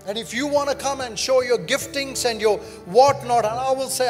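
Male pastor, very high voice, emphatic repetitive sermon with joking asides; long church reverb, soft music under. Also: normal speed. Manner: emphatic, repetitive preaching with frequent "Amen"; conversational and humorous asides to the congregation. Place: church sanctuary.

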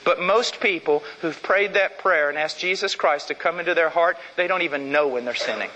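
Fervent bright-voiced preacher in a hall. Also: male voice, a little high, brisk. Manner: emphatic, repeats key phrases for stress. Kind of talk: sermon.

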